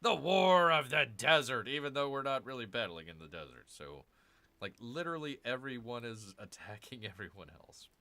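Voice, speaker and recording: A man's voice: medium pitch, big pitch swings, moderate pace, sharp tone. A man hosting his own gaming channel, chatting casually as he plays a strategy game, rambling and correcting himself with jokey asides to viewers.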